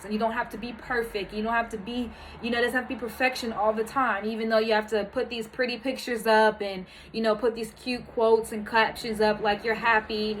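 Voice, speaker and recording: A woman's voice: a little high, a bit bright, a little hiss or hum, low-quality recording. A married mother hosting her own show, speaking candidly and earnestly, with lots of fillers, as she encourages the listener directly. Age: adult, married mother. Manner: earnest and heartfelt, with many fillers. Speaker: podcast host. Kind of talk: candid personal monologue.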